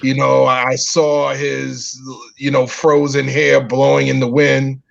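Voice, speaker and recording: A gravelly-voiced man hosting a casual political talk show, speaking in a measured way with filler pauses. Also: mid-range voice, completely flat delivery. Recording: dull lo-fi audio.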